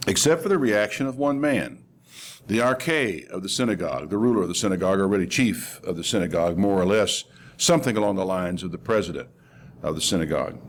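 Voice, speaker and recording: An older man delivers a sermon in an easy, conversational way and swings his pitch widely as he retells the story. He acts out the quoted voices with animation. A faint hiss sits under the recording. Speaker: preacher.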